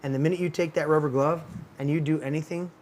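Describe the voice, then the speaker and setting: A man's voice: on the high side, steady tone, quick pace, a little mellow, slight background noise. A man hosting a talk show, telling stories in a heated, profane rant. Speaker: podcast host. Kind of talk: casual ranting talk show.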